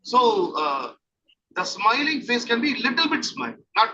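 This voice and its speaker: A man gives a training lecture in a high, sharp, forceful voice, explaining patiently and repeating his key points. He sounds distant from the mic, and the recording is dull and lo-fi with a faint hiss underneath. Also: very animated, measured pace. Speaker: counselling trainer.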